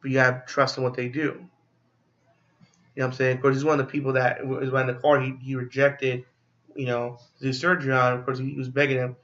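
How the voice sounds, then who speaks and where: A man's voice: mid-range voice, monotone, fast talker, fairly bright tone, highs cut off. A man casually recapping a film plot as a movie reviewer, rambling with many fillers and restarts.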